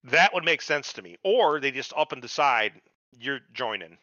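A man's voice: medium pitch, lively intonation, moderate pace, sharp tone, no room sound, dull audio. A man co-hosting a podcast, ranting in a casual and profane way about a TV episode. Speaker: podcast co-host. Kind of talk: casual TV recap chat.

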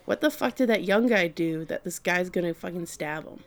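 A woman's voice: on the low side, animated, a little fast. A woman co-hosting a casual podcast chat, animatedly retelling an anime's plot and swearing freely. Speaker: podcast co-host.

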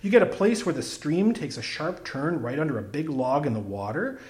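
A man's voice: a little high, animated, normal speed, darkish tone, natural voice. A man voicing a chatty fisherman on a train, eagerly explaining in detail how to fish a stream with worms. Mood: enthusiastic.

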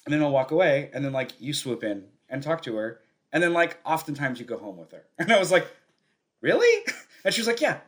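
A man's voice: mid-range voice, very animated, fast, a bit bright. Rambling, laughing male podcast host. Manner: rambling, laughing storyteller with many restarts. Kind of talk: casual chat.

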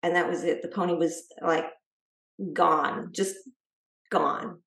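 Middle-aged lady guest, low gravelly voice, echoey room, acts out the quotes as she tells it. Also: slow. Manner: lively storyteller who acts out quoted speech. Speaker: guest author. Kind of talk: telling a personal story.

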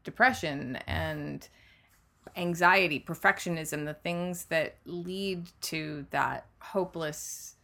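A woman co-hosting a podcast discussion who explains her points deliberately, repeating herself to stress them. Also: sits low, creaky, bright, forceful tone. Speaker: co-host; therapist.

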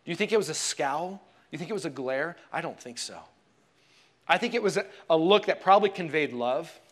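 A man preaching a sermon in a church, telling the story expressively and dropping to hushed tones for emphasis. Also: on the high side. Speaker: pastor.

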